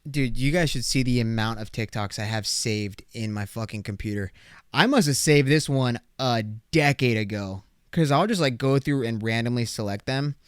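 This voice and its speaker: A man's voice: medium pitch, smooth, no echo, clean studio sound. A man hosting his own podcast, chatting casually and reacting to clips, cursing a lot and acting out exaggerated imagined conversations. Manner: animated, swearing, acts out exaggerated imagined dialogue. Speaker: podcast host.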